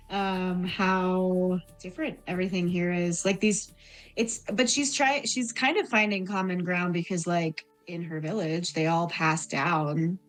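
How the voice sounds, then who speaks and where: A woman's voice: on the low side, steady tone, slow. A woman playing a tabletop game, talking casually and animatedly about her character. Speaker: player. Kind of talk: tabletop role-play. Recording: faint music behind.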